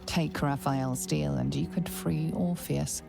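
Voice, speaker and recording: An actress voicing a mysterious, persuasive dream companion in a video game, speaking in soft, urging whispers. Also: female voice, sits low, fairly even intonation, slow, vocal fry, full character voice. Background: game music.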